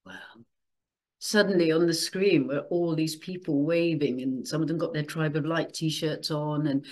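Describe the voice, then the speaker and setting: A woman's voice: sits low, fairly even intonation, measured pace, a little mellow. An older woman hosting her channel, chatting casually and emotionally, laughing often as she tells a personal story. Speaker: channel host.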